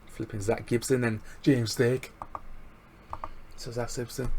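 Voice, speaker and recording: A man reviewing a wrestling show in a casual, excitable, slangy recap chat. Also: mid-range voice, a little slow, long pauses, slight background noise.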